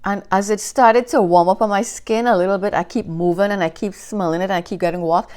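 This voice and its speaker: A woman's voice: medium pitch, a little fast. A woman reviewing fragrances in a casual chat to camera, telling stories with lots of enthusiasm. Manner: enthusiastic, animated storytelling. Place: Canada.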